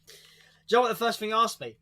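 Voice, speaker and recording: A man's voice: sits high, expressive, rapid-fire, sharp tone. A man with a British accent chatting casually on a stream, swearing freely and tripping over his words. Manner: swears freely, stumbles and repeats words, laughs mid-story. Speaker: co-host. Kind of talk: casual chat.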